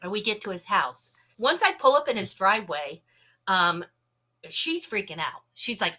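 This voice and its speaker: A woman guest on a podcast telling a story in an animated way, acting out the people she quotes, with a slight cough. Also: medium pitch, measured pace. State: slight cough, sore throat. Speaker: guest, UFO investigator.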